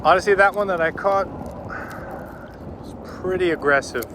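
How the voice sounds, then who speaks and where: Speaking at an ordinary pace in a high-pitched voice, a fishing vlogger chats informally to the camera from a riverside spot, referring to his viewers as "boys." Plenty of noise can be heard behind him.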